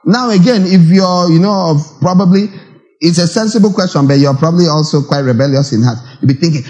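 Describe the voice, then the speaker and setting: A man preaching a sermon, animated, with rhetorical questions and acted asides. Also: fairly high pitch, brisk, poor audio.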